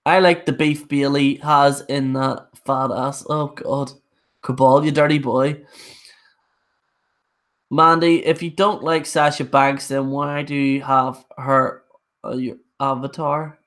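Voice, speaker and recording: A man's voice: medium pitch, level tone, slow pace, a bit bright. Blunt, rambling young male reviewer. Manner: blunt, ranting, rambling with many restarts. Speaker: wrestling show reviewer. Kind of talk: casual live-stream rant.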